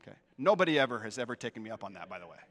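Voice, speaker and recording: In a church sanctuary with a big-room sound, a middle-aged pastor preaches in a fairly low, sing-song voice with a touch of brightness, racing through his words. He hammers home key phrases by repeating them and keeps turning to the congregation to check in.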